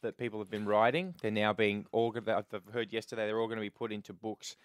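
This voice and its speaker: A man's voice: fairly low pitch, steady tone, fast talker, smooth, no room sound. A man hosting a breakfast radio show in a chatty, conversational way, recorded close on a studio microphone. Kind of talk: casual radio chat.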